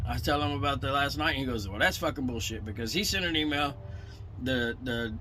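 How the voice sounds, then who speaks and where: Truck driver vlogger, blunt and profane, tense bright delivery. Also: male voice, medium pitch, fairly quick, slight background noise, poor audio. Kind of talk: casual storytelling rant.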